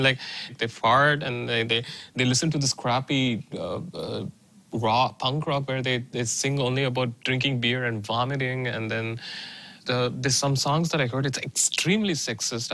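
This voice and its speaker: A man from India, talking in a casual, animated documentary interview, blunt and quick to swear, often restarting his words. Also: medium pitch, rough recording.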